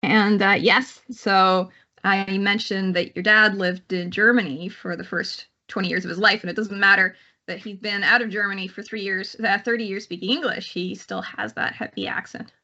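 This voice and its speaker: A woman's voice: medium pitch, fairly even intonation, moderate pace, pushed and bright, highs cut off. A woman with a Canadian accent giving a live online psychology lecture in a conversational way, with many fillers and restarts. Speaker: psychology instructor.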